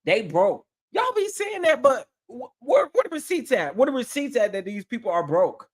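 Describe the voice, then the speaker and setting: A man hosting a casual live stream, talking in a sassy, animated way and repeating phrases for emphasis. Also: very high-pitched, normal speed. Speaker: livestream host.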